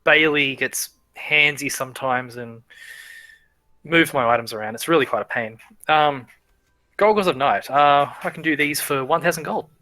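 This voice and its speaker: A man's voice: a little high, normal speed, sharp tone. A man voicing a bumbling, flustered male drow shopkeeper in a tabletop game. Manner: flustered, fussy, apologetic.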